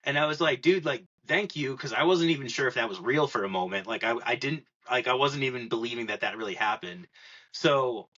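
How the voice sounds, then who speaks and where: A man's voice: mid-range voice, animated, brisk, bright, forceful tone, highs cut off. A young man telling a long story in a rambling podcast chat, full of "like" and filler words. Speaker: podcast guest.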